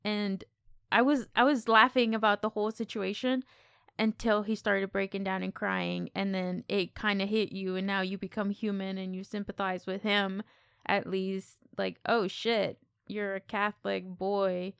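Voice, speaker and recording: A woman's voice: mid-range voice, flat delivery, normal speed, creaky, fairly bright tone, clean tone, no echo, studio quality. A woman co-hosting a podcast, talking casually and expressively about a film, with some casual swearing. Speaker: podcast co-host.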